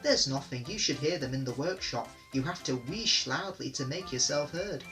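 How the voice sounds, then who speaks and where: A man's voice: mid-range voice, animated, normal speed, sharp tone, faint music behind. A man voicing an eager, cheerful small male engine, polite and keen.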